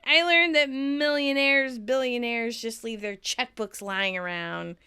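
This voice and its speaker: A woman co-hosting a podcast, recapping an episode in casual chat with animated storytelling and frequent laughs. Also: fairly high pitch, unhurried, clear, resonant tone. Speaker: podcast co-host.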